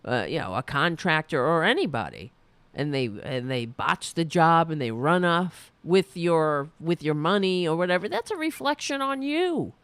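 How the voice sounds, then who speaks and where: Woman, podcast host, rambling indignant rant, lower-pitched, very dry sound. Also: very animated, moderate pace, a bit bright, smooth, no echo. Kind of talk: solo political commentary.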